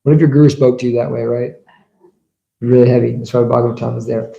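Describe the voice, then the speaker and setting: A man's voice: mid-range voice, flat delivery, fast talker, creaky, mellow, highs cut off, slight background noise. A man giving a scripture class as a sermon, telling stories and asking the audience questions. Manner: storytelling, asks the audience rhetorical questions. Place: temple hall. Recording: echoey room.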